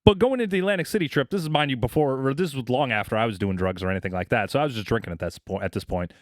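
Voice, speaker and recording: A man's voice: medium pitch, very fast, no echo, studio quality. Rambling, profane man telling stories. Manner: rambling, profane, many fillers like "like" and "you know". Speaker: podcast co-host. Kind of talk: casual storytelling chat.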